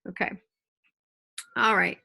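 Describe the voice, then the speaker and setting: A woman's voice: slow pace, pushed and bright. A woman teacher reading a novel aloud to her students at home and explaining it in a casual, chatty way, checking in with her listeners, recorded on a computer mic. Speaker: middle school English teacher.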